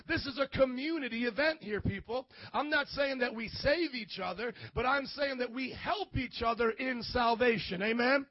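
High-voiced man preaching a sermon. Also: fairly quick, hardly any pauses, dry recording, muffled recording. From grew up in an Italian family. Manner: call-and-response preaching, asks congregation for amens; acts out quoted voices. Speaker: pastor.

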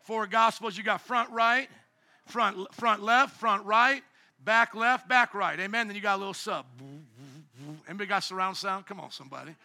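A man preaching a sermon as pastor, animated, acting out little voices and sometimes shouting. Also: high voice, moderate pace.

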